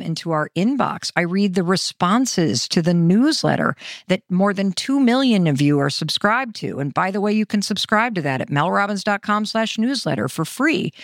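A woman's voice: medium pitch, no room sound, clean studio sound. Chatty woman hosting a motivational podcast. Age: middle-aged. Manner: chatty and expressive, speaks straight to the listener. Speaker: podcast host.

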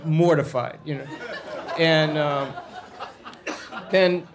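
A man's voice: on the high side, steady tone, takes it slowly, crowd noise, noisy background. A man telling a long story in a casual, rambling monologue, with crude asides.

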